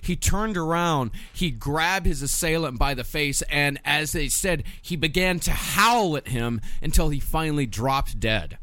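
Man, podcast storyteller, matter-of-fact, slightly high voice, dry close mic. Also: animated, measured pace, hardly any pauses, bright, forceful tone, dry recording. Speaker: podcast co-host telling the case.

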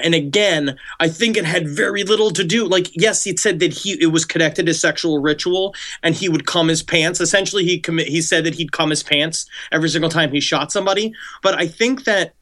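A man's voice: on the high side, fairly bright tone. A man co-hosting a podcast, talking in a rambling, jokey way with many restarts. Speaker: podcast co-host. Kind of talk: casual true-crime chat.

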